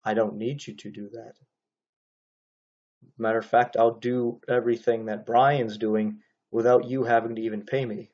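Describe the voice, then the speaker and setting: A man talks his way through a casual commentary, rambling and restarting his sentences, padding them with "uh" and "you know." His voice is mellow and relaxed. The recording is dull and lo-fi. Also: medium pitch, normal speed. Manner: rambling, frequent fillers and restarts.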